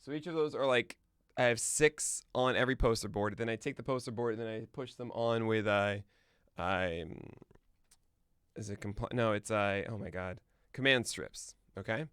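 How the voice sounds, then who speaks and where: A man's voice: lowish voice, normal speed, fairly bright tone, clear, resonant tone, no echo, studio quality. A man hosting a podcast livestream, chatting casually and thinking aloud with mumbled asides while he checks notes. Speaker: podcast host. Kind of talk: casual livestream chat before a show.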